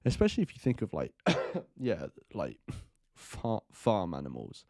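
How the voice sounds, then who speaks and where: Guy streaming a film reaction, deep mellow voice, dry sound, rambly with lots of like and um. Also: huge pitch swings, measured pace, creaky, no room sound. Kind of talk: casual live-stream commentary.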